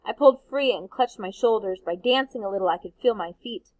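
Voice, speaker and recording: A woman, a teacher, reading a novel aloud in a steady, expressive way. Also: mid-range voice, a little fast, dry recording, lo-fi sound.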